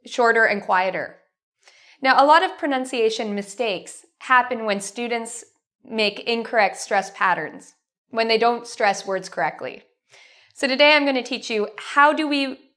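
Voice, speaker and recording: A woman teaching a pronunciation lesson, stretching out model words slowly and clearly for learners. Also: on the high side, fairly bright tone. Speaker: English teacher.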